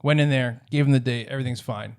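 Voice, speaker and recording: A man's voice: mid-range voice, steady tone, fast talker. A man co-hosting a comedy podcast, telling a long story in casual chat, acting out both sides and laughing often. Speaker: podcast co-host.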